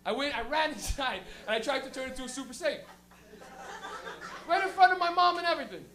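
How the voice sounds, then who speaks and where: A man performing stand-up comedy on a live club stage as the show's host. He talks in an animated, profane way, laughing often and shouting for effect. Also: extremely high pitch, a little fast.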